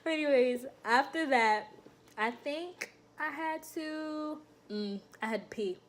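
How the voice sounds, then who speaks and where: Chatty young woman, slightly high voice. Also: slow, a little hiss or hum. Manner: animated, chatty, laughs often, addresses viewers as y'all. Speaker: vlogger recounting her enlistment processing. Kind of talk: casual storytelling to camera.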